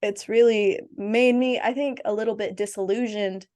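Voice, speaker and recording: A woman hosts a podcast in a relaxed, chatty way, telling stories about her family with quick asides. Her voice sits at an everyday middle pitch. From family from Jamaica. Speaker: podcast host. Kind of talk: casual chat.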